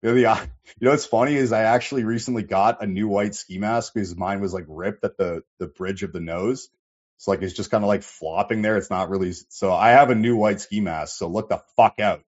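A man's voice: fairly low pitch, brisk, a little mellow, lo-fi sound. A man hosting a casual livestream, reading chat and rambling with lots of swearing and fillers. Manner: rambling, profane, many fillers.

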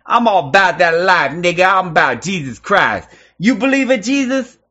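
A man in online voice chat, taunting others and shouting in mock voices. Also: high-pitched, expressive, normal speed, muffled recording. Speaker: voice chat troll.

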